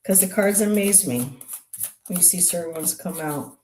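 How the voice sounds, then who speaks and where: A live-stream tarot reader talks through what each card means at normal speed in a mid-range voice. Her delivery is musing and hesitant, with frequent ums and restarts, and background noise is audible.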